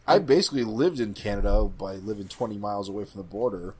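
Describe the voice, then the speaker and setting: A man's voice: lowish voice, quick pace, darkish tone, breathy edge. A man co-hosting a casual podcast chat, tossing in dry wisecracks and often restarting his sentences. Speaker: podcast co-host.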